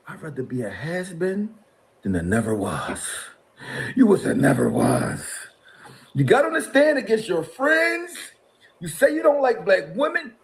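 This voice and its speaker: Animated high-voiced man ranting mockingly. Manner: mocking, exasperated, laughing between jabs. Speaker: interview guest. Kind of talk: heated call-out rant.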